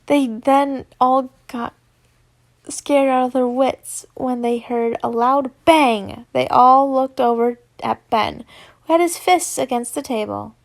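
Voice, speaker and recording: A woman's voice: sits high, slow, creaky. A young woman reading a fanfiction story aloud casually, stumbling over words and chatting in asides. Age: young adult. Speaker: fanfiction reader.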